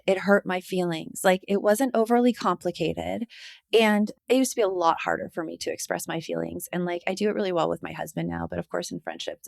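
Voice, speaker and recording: A woman hosting a podcast, talking casually and affirming her guest, turning animated when she retells exchanges. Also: mid-range voice, vocal fry, no echo, clean studio sound. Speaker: podcast host.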